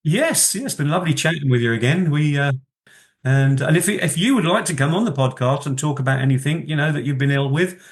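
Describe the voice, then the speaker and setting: A man's voice: fairly high pitch, brisk. A man co-hosting a casual podcast from a home kitchen, hesitant with stumbling restarts and chuckles. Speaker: podcast co-host. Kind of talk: casual chat.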